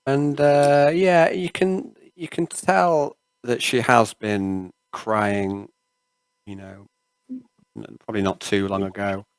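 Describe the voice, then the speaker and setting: Man game master narrating a tabletop game, smooth resonant voice, dry close sound, rambling with many fillers. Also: medium pitch, steady tone, slow, no room sound.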